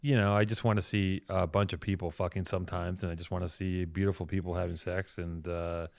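A man in his twenties from Southern California, co-hosting a comedy podcast and telling crude stories with deadpan asides. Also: low-pitched, fairly quick, gravelly, no echo. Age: 20s. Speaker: podcast co-host. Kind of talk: casual comedic podcast banter.

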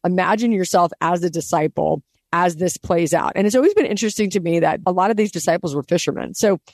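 A woman co-hosting a casual Bible-study podcast, talking animatedly and acting out scenes in lively quoted voices. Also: lowish voice, quick pace, no echo, studio quality. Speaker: podcast co-host.

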